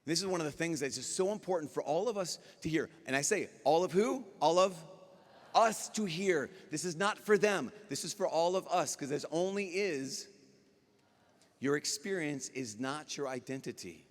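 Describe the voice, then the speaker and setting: A man, a priest speaking at a youth conference, giving a lively talk and acting out dialogue as he tells stories. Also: fairly high pitch, normal speed. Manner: animated storyteller acting out dialogue. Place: large conference hall. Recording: long hall reverb.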